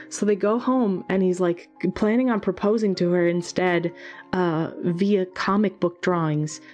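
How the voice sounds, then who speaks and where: A woman who is a singer, chatting casually in a Q&A video, retelling things with animated energy and plenty of swearing. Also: medium pitch. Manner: animated, swears freely, many fillers. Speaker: singer and channel host. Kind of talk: casual Q&A storytelling.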